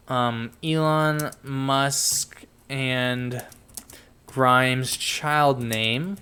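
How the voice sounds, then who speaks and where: A man's voice: mid-range voice, fairly even intonation, very slow, a bit bright, clean tone. A young man hosting a podcast, chatting casually about pop culture, rambling and getting sidetracked while he reads things out. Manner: rambling, easily sidetracked, mumbles while reading. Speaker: podcast host.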